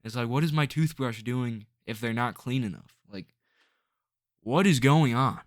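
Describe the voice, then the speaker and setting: A man's voice: mid-range voice, measured pace, dry recording, clean studio sound. A man ranting to camera in a rambling, frustrated way, full of filler words and restarts. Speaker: vlogger.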